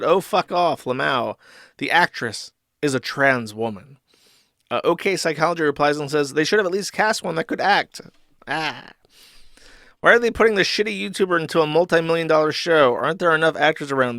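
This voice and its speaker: A man's voice: a little high, sharp tone, dry recording, studio quality. A man hosting a livestream, reading chat and forum comments aloud and reacting in a crude, mocking way.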